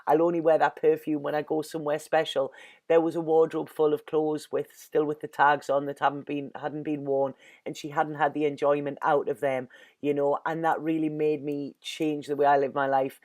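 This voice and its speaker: A woman's voice: low voice, little pitch movement, normal speed, a little mellow. A woman with an English accent giving an earnest, emotional tarot reading in casual speech, constantly saying "you know" and sounding close to tears. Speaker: tarot reader.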